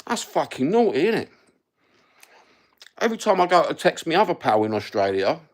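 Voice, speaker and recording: With a high-ish, very animated, brisk voice, a Cockney livestream host chats casually, rambling across topics and swearing heavily.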